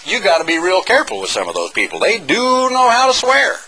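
A middle-aged man preaching a sermon, reading scripture slowly for emphasis and explaining it in a folksy, sarcastic way. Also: high voice, soft background music, rough recording. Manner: animated, folksy and sarcastic asides; slows down to stress scripture phrases.

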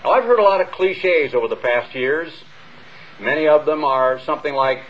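An older American man, a minister, preaching an earnest, measured sermon to a congregation, with emphatic rises and long pauses. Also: a little high. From United States. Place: church hall before a congregation. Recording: dull lo-fi radio broadcast.

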